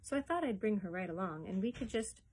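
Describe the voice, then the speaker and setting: A woman's voice: medium pitch, lively intonation, quick pace, darkish tone, breathy edge. A woman reading a storybook aloud and voicing a hopeful young boy who pleads in a rush of words. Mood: eager pleading. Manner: eager, words racing, pleading.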